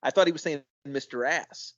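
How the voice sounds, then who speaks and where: A man's voice: on the high side, normal speed. Easygoing male co-host, slightly dull audio. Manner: enthusiastic, easygoing analysis. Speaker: podcast co-host. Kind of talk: casual wrestling recap chat.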